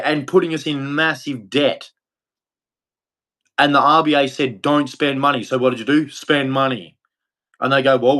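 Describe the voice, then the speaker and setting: An Australian man with a medium-pitched, fairly bright voice rants angrily on a livestream. His monologue is profane, and he repeats the same insults over and over.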